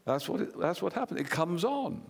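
A man's voice: a little high, very animated, a little fast, gravelly, slightly rough. A man with an English accent preaching a sermon in a church, earnestly putting questions to the congregation. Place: church hall. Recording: long hall reverb.

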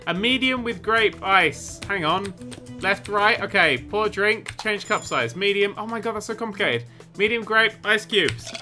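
A man doing let's play commentary, excitable and sweary, wandering into rambling asides. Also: high-pitched. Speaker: gaming YouTuber.

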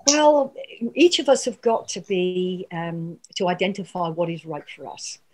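Husky-voiced woman coaching earnestly. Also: on the low side, unhurried, a little mellow. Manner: earnest, coaching, frequent asides and laughs. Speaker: communication trainer. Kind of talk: workshop talk.

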